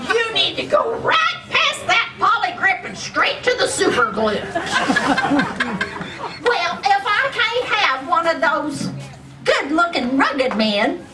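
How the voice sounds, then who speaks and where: A woman's voice: sing-song, takes it slowly, exaggerated voice. Woman playing a gossipy old country widow. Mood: chatty. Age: older. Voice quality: gossipy, folksy drawl with shrill rising squeals. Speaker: comedy sketch performer. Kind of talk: live stage comedy act. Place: outdoor community festival stage. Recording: distant echoey live recording with background noise.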